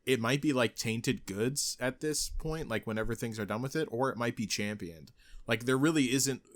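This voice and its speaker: A man co-hosting a casual podcast, talking hesitantly with many pauses and restarts. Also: mid-range voice. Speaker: podcast co-host. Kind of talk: casual chat.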